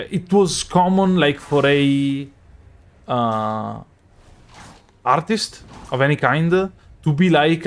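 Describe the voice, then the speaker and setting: Guy streaming a game, kinda high voice, rambles w lots of likes and uhs. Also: slow pace, pauses often. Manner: rambling, many fillers and restarts. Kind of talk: casual chat while gaming.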